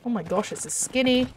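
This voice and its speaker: A woman hosting a gaming channel, giving excitable let's-play commentary full of gasps and exclamations. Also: a little high, far from the mic, a little hiss or hum. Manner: excitable, gushing, lots of exclamations.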